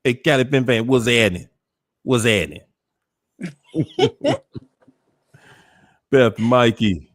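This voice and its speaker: A man's voice: medium pitch, expressive, slow, pauses often, no room sound, studio quality. A man with a D.C. African American accent hosting a casual livestream, playfully calling out viewers by name and laughing often. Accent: African American English from Washington, D.C. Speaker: livestream host.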